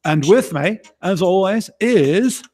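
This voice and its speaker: A man's voice: high-pitched, animated, takes it slowly, a little mellow. A man hosting a casual livestream, rambling and jokingly teasing his co-host. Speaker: streaming show host.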